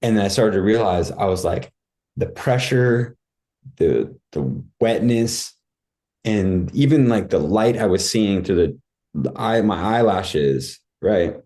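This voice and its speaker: Man, podcast guest, casual storytelling, low warm voice, acts out his own reactions. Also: lively intonation, slow. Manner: vivid, acts out his own cries and thoughts, says "dude" and "like" a lot.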